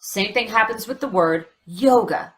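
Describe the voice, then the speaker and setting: A woman teaching pronunciation, explaining clearly and demonstrating words aloud. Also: mid-range voice, expressive, a little slow, a bit bright, slight background noise. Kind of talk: instructional explanation.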